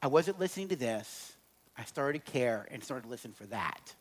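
A middle-aged man speaking to an audience about relationships, telling humorous stories and swinging between loud and quiet. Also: medium pitch, expressive, normal speed. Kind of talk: humorous storytelling talk to an audience.

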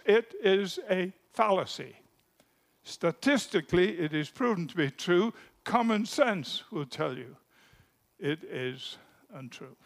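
A man delivers a sermon at an unhurried, measured pace. His voice sits a little high and carries a gravelly edge. He stresses key words, then lets each phrase sink away softly. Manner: deliberate, emphatic, phrases trailing off softly. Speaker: preacher.

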